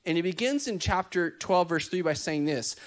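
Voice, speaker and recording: A man, preaching a lively sermon full of jokes and acted-out quotes. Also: high-pitched, normal speed. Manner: lively, joking, acts out quoted voices. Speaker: pastor.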